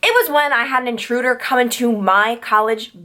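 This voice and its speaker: A woman's voice: on the high side, fairly quick, sharp tone. A young adult woman from New York telling a storytime vlog, chatty and full of "like" fillers and tangents. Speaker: YouTuber.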